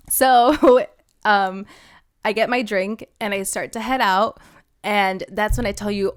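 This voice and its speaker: A young woman co-hosting a podcast, telling a story in casual chat, animated and laughing often. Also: mid-range voice, takes it slowly, pauses often, clean tone. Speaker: podcast co-host.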